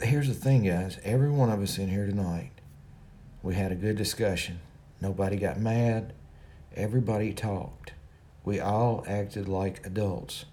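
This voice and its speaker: Folksy Kentucky man with a low, mellow voice. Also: slight background noise. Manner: folksy, talks to viewers directly. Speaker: livestream host. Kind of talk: casual livestream chat.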